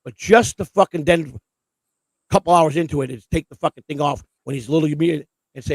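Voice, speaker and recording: A man hosts a loose livestream conversation, rattling on at high speed with plenty of swearing. His voice sits high and has a gravelly edge. The sound is close and dry. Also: brisk, dry recording. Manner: rambling, profane, excitable. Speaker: host. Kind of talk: casual livestream chat.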